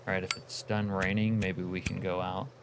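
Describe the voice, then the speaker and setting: A man's voice: low-pitched, level tone, normal speed, creaky, background noise. A man streaming a game, chatting with viewers and muttering asides, swearing freely. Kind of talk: casual gameplay commentary.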